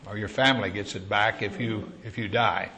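A pastor preaches a sermon in a conversational teaching style, posing questions to listeners and raising his voice on key words. His fairly low, steady voice comes at normal speed, pushed and bright, with slight background noise.

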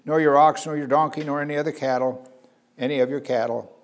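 A man's voice: on the high side, fairly even intonation, a little fast. Earnest man preaching a sermon. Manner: earnest, varies loudness for emphasis, frequent uh fillers.

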